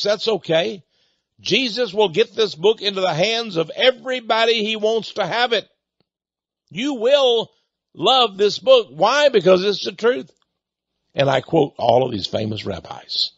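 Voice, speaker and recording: A man hosting a radio talk show, preaching emphatically and pitching a product, with repeated words and sarcastic asides. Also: slightly rough, no echo, lo-fi sound. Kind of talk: preachy radio monologue with an on-air sales pitch. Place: studio with a co-worker present.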